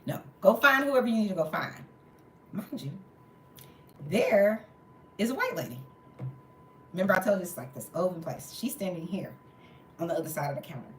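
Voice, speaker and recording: Woman vlogger, lower voice, tired and sore, animated venting in an echoey room. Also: moderate pace, pauses often, a little hiss or hum. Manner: animated, exasperated retelling with swearing. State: tired and in pain. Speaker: storytelling vlogger. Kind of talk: casual storytime chat. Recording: roomy echo.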